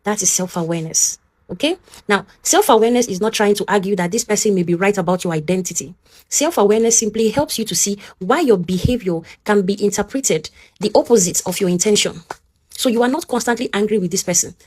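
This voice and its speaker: A woman, talking casually and warmly as she teaches, often checking in with "okay?" and acting out both sides of an argument. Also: mid-range voice, quick pace. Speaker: advice talk host. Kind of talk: casual advice talk.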